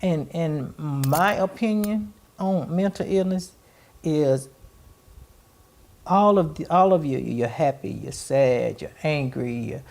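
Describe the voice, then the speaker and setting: A middle-aged woman with a creaky, gravelly voice hosts a podcast conversation. She tells a personal family story in a rambling, searching way, often circling back before landing on the word she wants. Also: deep voice, animated, slow pace, darkish tone. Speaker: podcast host.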